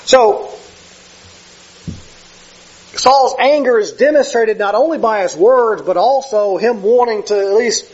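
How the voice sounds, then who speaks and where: Husky high-voiced male preacher. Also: a little slow, long pauses, highs cut off. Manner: conversational, self-correcting, acts out quoted speech. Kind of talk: sermon. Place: church sanctuary with slides.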